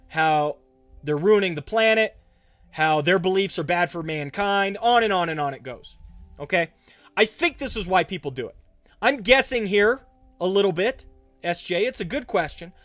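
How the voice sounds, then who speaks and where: A man's voice: high-pitched, animated, normal speed, a bit bright, dry recording, soft background music. A young man, a pastor, talking casually on a livestream and answering viewers' chat questions as he goes. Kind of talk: livestream Q&A talk.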